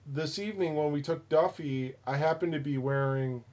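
A man's voice: on the high side, normal speed, a little mellow. A man hosting a casual chat, telling an anecdote with rambling restarts, fillers and swearing.

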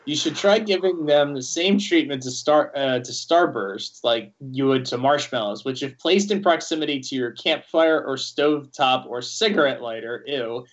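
A man co-hosting a casual podcast, teasing his friends and reading a list of snack hacks aloud with stumbles. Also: medium pitch. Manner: joking, teasing, reads items haltingly. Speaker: podcast co-host. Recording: muffled lo-fi audio.

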